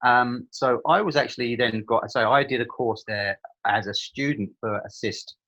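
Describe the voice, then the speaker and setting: A man's voice: mid-range voice, normal speed, fairly bright tone, low-quality recording. A middle-aged Irish man from Limerick, a guest telling stories in a casual interview, chatty and humorous with frequent restarts. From Limerick, Ireland.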